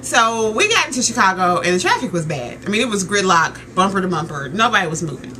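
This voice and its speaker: A woman in her thirties telling a story in a casual, animated rant, laughing and exclaiming as she goes. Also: mid-range voice, fast talker, a little hiss or hum. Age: 30s. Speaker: vlogger.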